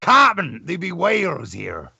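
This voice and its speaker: Brief: gruff pirate captain, put on by a man, hammy, lively pitch, lo-fi sound. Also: measured pace, no echo, heavily acted. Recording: dull lo-fi audio.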